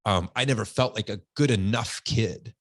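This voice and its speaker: This fairly low-voiced man in his forties, appearing as a podcast guest, tells his own story at normal speed in a dry recording, earnestly and openly, close to tears at moments and animatedly mimicking the people he quotes.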